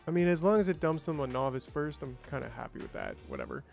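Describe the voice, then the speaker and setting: A man's voice: medium pitch, wildly swooping pitch, fast, creaky, darkish tone, faint music behind. A man streaming a game, chatting casually and thinking aloud, with playful sound effects. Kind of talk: casual gameplay livestream chat.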